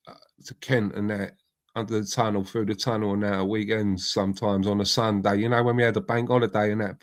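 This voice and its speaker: Middle-aged man, casual live-stream host, rambling, matey, swears. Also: fairly low pitch. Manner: chatty, rambling, swears freely, greets viewers by name. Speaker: livestream host. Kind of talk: casual live-stream chat reading out comments.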